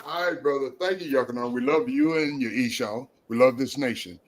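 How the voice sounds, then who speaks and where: A man's voice: medium pitch, brisk, a little hiss or hum. Preacherly male talk show host. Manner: preacherly, repeats and builds phrases. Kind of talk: streamed religious talk show.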